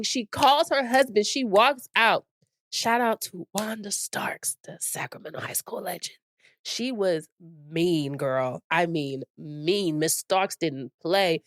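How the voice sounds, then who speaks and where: A woman's voice: dry recording, clean studio sound. A woman in her late twenties co-hosting a podcast, telling a school story in casual chat and acting out the people she quotes. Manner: animated, acts out quotes with big pitch jumps and laughter. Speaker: podcast co-host.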